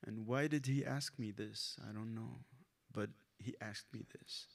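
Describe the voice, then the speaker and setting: A man from Lebanon, a comics author, reading his work aloud at a library event with wry, halting asides. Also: lowish voice, steady tone, creaky. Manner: halting, self-correcting, wry. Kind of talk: live reading with commentary.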